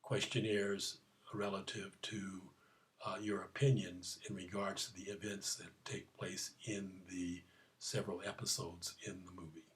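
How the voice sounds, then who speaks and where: A man addressing his audience in a casual spoken message, pausing often with "uh" and telling jokes, with loud, high acted-out cries for the people in his stories. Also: little pitch movement. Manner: halting, many "uh" fillers, acts out quoted voices loudly. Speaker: program creator telling stories.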